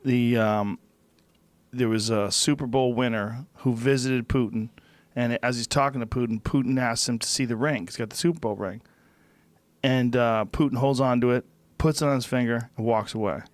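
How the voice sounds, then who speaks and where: Relaxed, profane male podcast host. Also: medium pitch, moderate pace, no echo. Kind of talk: casual chat. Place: podcast studio. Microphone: studio mic.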